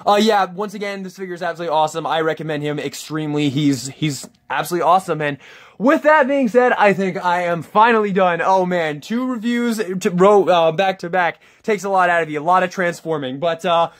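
A man's voice: high voice, brisk. A man hosting a casual toy review, enthusiastic and rambling, with a lot of restarts and some casual swearing.

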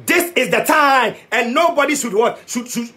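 A man's voice: very high-pitched, moderate pace, pushed and bright. A man from Ghana with a Ghanaian accent, delivering a fiery, preachy political rant that switches between Twi and English and repeats lines for emphasis. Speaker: youth activist vlogger.

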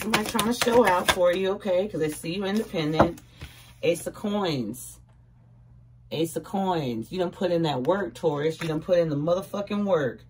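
Chatty low-voiced woman reading tarot. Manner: chatty and slangy, with sing-song exclamations. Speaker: tarot card reader. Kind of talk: casual tarot reading to camera. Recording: distant mic with clear background noise.

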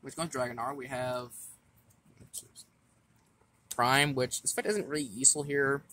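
A man casually walking through his card game deck, reading effects aloud in a halting way with stumbles and restarts. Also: medium pitch, steady tone, bright, forceful tone, slight background noise.

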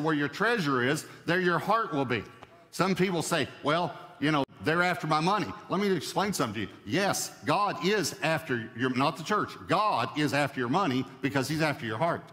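A man's voice: on the high side, fairly bright tone, big-room sound. A male pastor preaching a sermon, stressing key points by repeating them.

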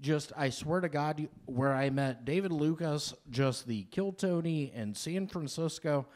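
A man with a slightly high voice speaks in earnest, rambling bursts on a comedy stage. He sounds sincere even when the words turn absurd. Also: unhurried.

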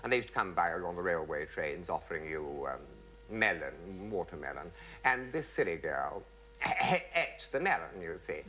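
A man's voice: sits low, sing-song, moderate pace, pushed and bright, a little hiss or hum, rough recording. A middle-aged man telling theatrical anecdotes in a flamboyant manner, mimicking the people in his stories. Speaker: comic raconteur.

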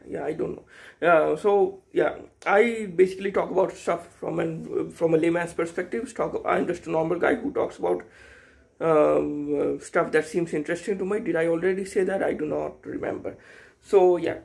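A man's voice: a little high, steady tone, moderate pace, vocal fry, a little mellow. A young man, talking casually to camera in a hesitant, rambling way, full of fillers and restarts. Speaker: YouTuber. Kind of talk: casual unscripted vlog monologue.

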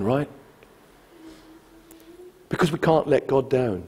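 A man's voice: a little high, normal speed, a little mellow, slight background noise. A male pastor preaching a sermon, telling the story with humor. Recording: long reverb, church hall.

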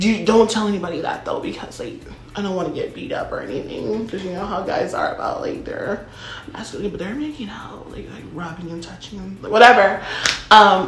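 A woman's voice: on the low side, a little fast. A young woman telling a casual storytime monologue, chatty and full of filler words and dramatic asides. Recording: roomy echo.

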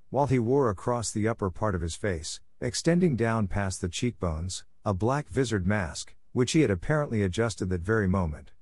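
A man narrates an audiobook in a measured, even manner, his voice sitting fairly low. The recording is close and very dry, with no room sound at all. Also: no echo.

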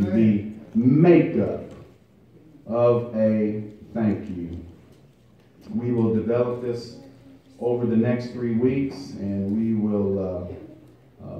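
A male pastor preaching a sermon, building from quiet to loud, emphatic delivery with drawn-out phrases. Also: lowish voice, slight background noise. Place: church sanctuary. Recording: distant echoey church recording, muffled.

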